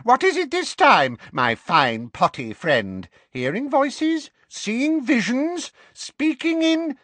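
A man reading an audiobook, voicing a small, spiteful male poltergeist who taunts in a shrill, sing-song cackle. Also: sing-song, slow, fairly bright tone, no echo, exaggerated voice. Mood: taunting.

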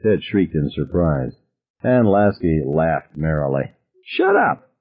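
Husky male narrator, phone-like audio. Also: very deep voice, takes it slowly. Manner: vivid first-person storytelling, voices characters.

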